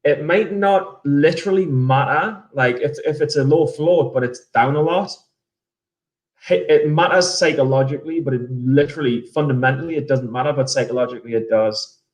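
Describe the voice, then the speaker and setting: This day-trading livestreamer has a fairly high voice and speaks at normal speed. Drinking whiskey on stream, he drifts from topic to topic with profanity and jokes mixed in, all in an echoey room.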